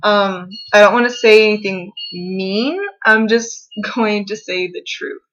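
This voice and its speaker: A young woman talks into a camera mic in her bedroom, her confessional vlog full of fillers, restarts and halting turns. She sounds upset and close to tears. The recording is a little dull and lo-fi. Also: medium pitch, fairly even intonation, a bit bright. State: tearful, upset. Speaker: vlogger.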